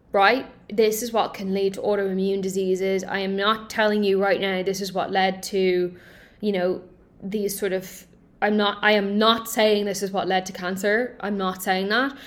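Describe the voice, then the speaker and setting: A young woman hosting her podcast alone, talking emphatically and with passion, swearing freely and saying "like" a lot. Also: mid-range voice. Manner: impassioned and emphatic, swears often, says "like" a lot. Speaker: podcast host. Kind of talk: solo podcast talk.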